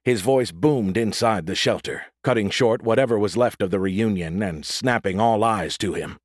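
Low, lively-pitched male narrator for an audiobook, close and dry. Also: normal speed, hardly any pauses, no room sound. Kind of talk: scripted narration.

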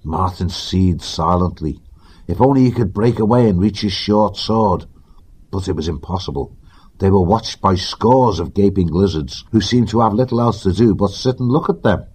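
Male audiobook narrator; deep, husky, steady pacing. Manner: measured, even storytelling.

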